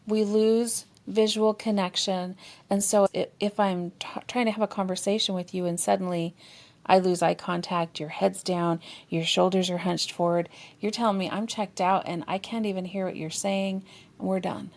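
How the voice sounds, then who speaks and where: Woman, therapist, podcast discussion, expressive, acts out inner dialogue. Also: medium pitch, normal speed. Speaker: therapist co-host.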